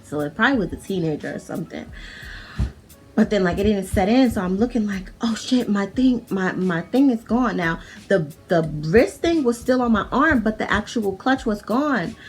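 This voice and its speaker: A woman's voice: mid-range voice, lively intonation, normal speed. A young woman with a New York accent telling a personal story at home in a casual storytime vlog, chatty and profane, full of "like" and restarts. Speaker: vlogger. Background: faint music.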